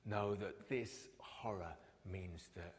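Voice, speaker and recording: Impassioned preacher in a reverberant hall. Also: male voice, sits low, takes it slowly. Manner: swings from loud emphasis to hushed whispers. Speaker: pastor. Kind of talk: sermon. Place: church.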